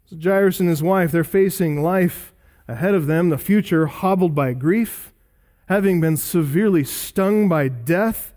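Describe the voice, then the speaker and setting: A middle-aged male pastor delivering a sermon with a high, ringing voice. He preaches earnestly, leaning hard on key words and pausing for effect. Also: darkish tone. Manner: emphatic, earnest preaching with dramatic pauses.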